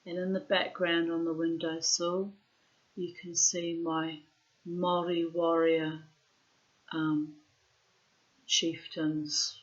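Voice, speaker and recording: A woman's voice: on the low side, dull audio. A woman reading her own diary entries aloud, dramatic and emphatic, with blunt swearing.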